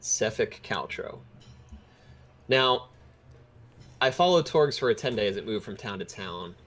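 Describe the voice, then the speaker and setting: A man as dungeon master, narrating and speaking for characters in a measured, expository way. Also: on the low side, animated, a bit bright, soft background music. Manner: expository, measured, with many fillers. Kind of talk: narrating a tabletop game in character.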